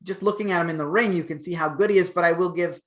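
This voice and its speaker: A man in his thirties with a bright, forward voice, co-hosting a casual talk show. He talks in long rambling stretches, hedging and restarting his sentences as he works through a point. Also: high voice, fast talker. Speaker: podcast co-host.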